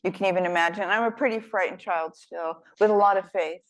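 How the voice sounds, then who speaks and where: A woman's voice: mid-range voice, brisk, low-quality recording. Rambling, humorous older woman storyteller. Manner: warm, rambling, self-deprecating, humorous. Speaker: author and guest. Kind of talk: storytelling in a fireside chat.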